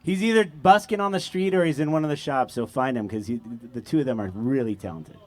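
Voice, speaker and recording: A man's voice: medium pitch, fast talker, a little mellow. A man emceeing at a music festival stage, chatty and rambling, often correcting himself mid-sentence. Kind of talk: stage introduction.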